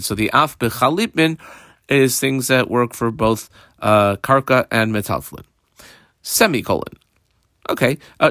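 A man with a mid-range, slightly bright voice teaches a Talmud page methodically in a dry, clean studio recording. As part of the daily lesson, he pronounces Hebrew and Aramaic terms, translates them, and names each punctuation mark.

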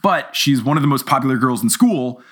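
A man hosting a casual podcast chat, retelling a story in an animated way and acting out the characters' lines. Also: medium pitch, fairly quick, husky. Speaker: podcast host.

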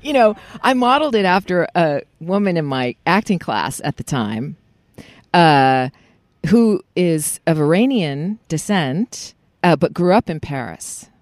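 A voice actor chats as a guest, telling stories with lots of fillers and restarts. The pitch swings widely and stays animated. The recording is dry and close. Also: unhurried, no room sound. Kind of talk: casual interview chat. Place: recording in a parking lot.

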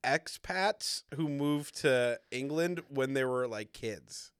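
A man's voice: medium pitch, slow, clean tone, dry recording. Laid-back man with dry jokes. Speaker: podcast co-host. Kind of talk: casual chat.

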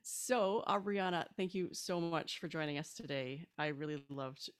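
A woman in her forties co-hosting a podcast, talking in a gentle, earnest way. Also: deep voice, normal speed, clear, resonant tone. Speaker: podcast co-host. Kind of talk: casual chat.

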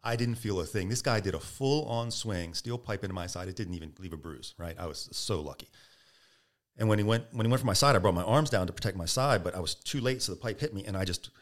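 Man, very low voice, casual storytelling, acts out the quotes. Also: expressive, fast. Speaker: podcast guest.

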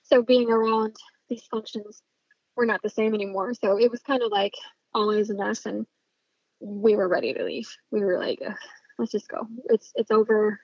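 A woman's voice: mid-range voice, fairly even intonation, moderate pace, darkish tone, dry recording, dull audio. A woman telling a personal story in casual speech, intense and swearing freely. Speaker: storyteller recounting a personal family event.

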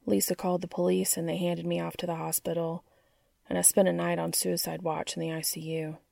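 A woman's voice: fairly low pitch, little pitch movement, creaky, mellow, no echo, clean studio sound. A woman reading as a guarded, troubled man. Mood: confessional. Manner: halting, raw confession. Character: troubled, guarded man confessing his past.

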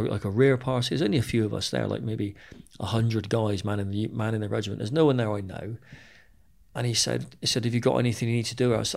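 Gravelly British ex-soldier telling his story. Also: on the low side. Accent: British English. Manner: candid and plain-spoken, swears freely, repeats words as he goes. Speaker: interview guest, former soldier. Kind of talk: personal storytelling in an interview.

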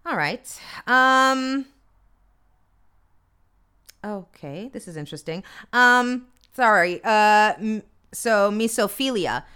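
Woman host chatting away off a list, super animated pitch, crisp clear voice, blunt and swears a lot. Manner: candid, chatty, swears freely, comments wryly as she reads. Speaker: podcast host. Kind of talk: casual chat reading from a list.

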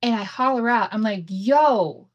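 A woman's voice: medium pitch, normal speed, highs cut off. A woman in her thirties hosting her own podcast, telling a family story in a candid, casual way, swearing freely and laughing often, recorded on a home setup with imperfect audio. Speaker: podcast host.

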